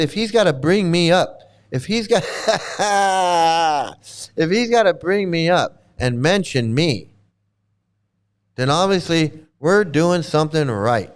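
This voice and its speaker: A man talks in a casual reaction commentary, with a fairly high voice. He is blunt and mocking, swears often and circles back to the same lines again and again. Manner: blunt, mocking, profane, repeats himself. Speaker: channel host commenting on a livestream.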